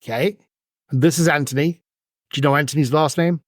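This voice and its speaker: A man's voice: on the high side, steady tone, fairly quick, no echo, studio quality, natural voice. A man voicing a burly, stern male security guard who speaks in brusque commands.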